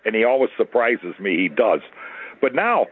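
A man's voice: lowish voice, very animated, moderate pace, slightly rough, no echo. A man calling in to a talk radio show, indignant and plain-spoken. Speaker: caller. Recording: tinny phone line.

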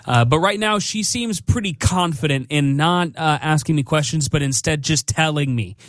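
A young man, a father, co-hosting a morning radio show in casual, animated chat. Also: fairly high pitch, normal speed, no room sound, clean studio sound. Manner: animated storytelling with hesitations.

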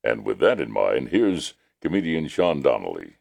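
A man's voice: a bass voice, very animated, moderate pace, gravelly, darkish tone. A man hosting a radio show, introducing comedy clips and reading a sponsor segment in an upbeat announcer delivery. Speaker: radio morning show host.

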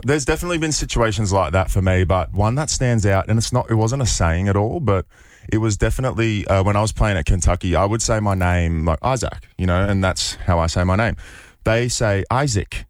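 A young Australian man chatting casually as a guest in a radio interview, relaxed and rambling. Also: fairly low pitch, fast, no room sound, clean studio sound. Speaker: guest athlete.

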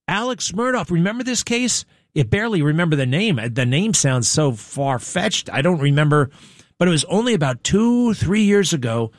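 A man's voice: dry recording, studio quality. A male talk show host from the United States, rambling through a casual on-air monologue and asking his crew questions as he goes. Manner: rambling, animated, with exaggerated pitch swings.

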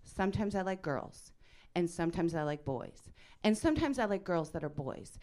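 Woman quoting an earnest teen daughter, lowish voice, listing things. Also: expressive, normal speed, a little mellow, lightly acted. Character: earnest teenage daughter explaining herself.

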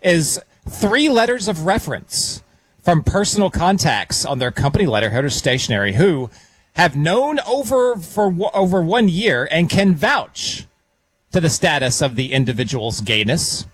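A man's voice: a little high, big pitch swings, normal speed, husky, dry recording, poor audio. A man co-hosting a talk radio show, reading out a report while holding back laughter. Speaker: radio co-host.

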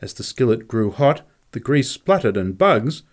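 A man's voice: mid-range voice, moderate pace. A man reading a story aloud in scripted narration, voicing each character in turn. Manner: lively, expressive reading of dialogue. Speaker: audiobook reader.

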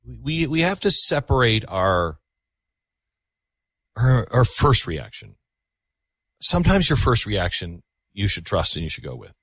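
A low-voiced man hosting a call-in radio show. He talks in a husky, lively way, earnest and reflective as he takes callers. The sound is dry and close. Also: no echo. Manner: earnest, reflective, taking calls. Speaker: radio talk show host.

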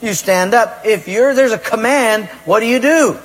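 Man, pastor, emphatic sermon, husky voice, long hall reverb. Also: sits high, moderate pace. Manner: emphatic preaching, acts out excuses in a raised voice.

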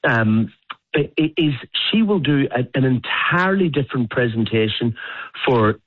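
A man's voice: mid-range voice, expressive, normal speed, no room sound. A man with a Northern Irish accent, a chef and guest on a radio show, talking enthusiastically and rambling with restarts. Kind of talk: radio interview. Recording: tinny phone line.

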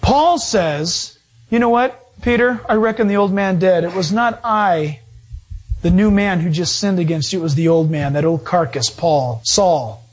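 A man preaching as pastor, animated, with sudden swings in pitch and joking asides. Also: unhurried. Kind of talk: sermon.

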